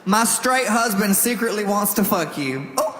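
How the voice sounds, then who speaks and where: A male stand-up comedian doing brash, teasing crowd work, often shouting his punchlines. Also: sits high, expressive, normal speed. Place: comedy venue with a live audience. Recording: live stage mic, loud crowd noise.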